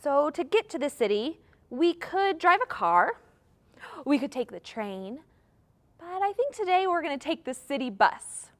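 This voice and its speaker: A woman's voice: high-pitched, big pitch swings, unhurried. A young woman leading a live children's story time, talking in a singsong, encouraging way to young children.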